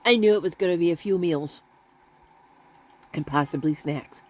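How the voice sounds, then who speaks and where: A woman's voice: normal speed, darkish tone. Woman, casual, rambling, laughing, baby voice for pets. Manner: rambling, talks to her pets in a high baby voice; laughs often. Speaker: vlogger. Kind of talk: casual chat to camera.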